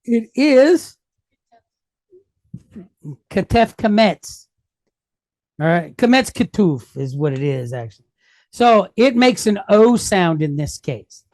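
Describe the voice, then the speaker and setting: A woman's voice: medium pitch, big pitch swings, takes it slowly, pauses often, darkish tone, dry recording. A woman teaching a Hebrew lesson, going patiently step by step and asking questions that she then answers herself. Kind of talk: classroom lesson.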